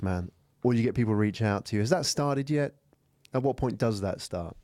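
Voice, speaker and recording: Low-voiced British podcast host. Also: male voice, moderate pace, darkish tone, dry recording, clean studio sound. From United Kingdom. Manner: encouraging, reflective interviewer. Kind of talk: casual interview chat. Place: podcast studio.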